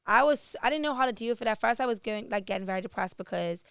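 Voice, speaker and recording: Woman, from Bermuda, podcast guest, animated storytelling, smooth voice, dry sound. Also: fairly high pitch, fast, no echo. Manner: animated, acts out quoted dialogue. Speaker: entrepreneur guest. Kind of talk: candid interview storytelling.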